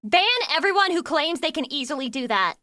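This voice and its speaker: Young female streamer, sharp-toned, casual reaction chat, swears a lot, teasing. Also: high-pitched, animated, fairly quick, slight background noise. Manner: blunt, swears freely, teasing.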